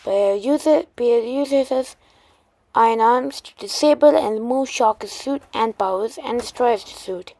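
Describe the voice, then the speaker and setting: Halting woman retelling a fan story. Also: a little high, warm tone, no echo. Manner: halting, with many restarts and fillers.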